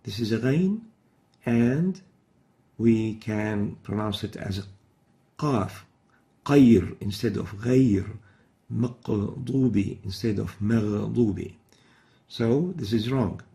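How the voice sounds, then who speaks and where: A man's voice: on the low side, takes it slowly, dark tone. A man teaching a recorded recitation lesson, explaining each pronunciation mistake step by step and then sounding out the Arabic letters himself.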